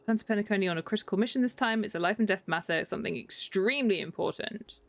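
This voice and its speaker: A woman's voice: medium pitch, quick pace, gravelly, lightly acted. British woman reading out an earnest flowery knight dude from a game, all chivalry. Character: earnest chivalrous male knight devoted to beauty.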